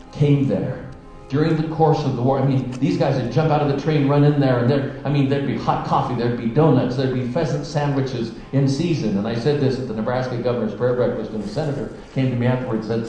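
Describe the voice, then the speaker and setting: A man telling a long story as part of a sermon, earnest and dropping to a hush at the most moving points. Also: mid-range voice. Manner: earnest storyteller, softening to a hush at emotional peaks. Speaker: speaker. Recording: dull echoey hall with music.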